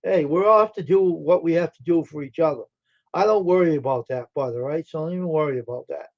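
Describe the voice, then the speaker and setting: A man's voice: on the high side, fast, vocal fry, a little mellow. A man hosting a live stream, chatting casually and answering his viewers' messages aloud while sounding tired and yawning. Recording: dull lo-fi stream audio.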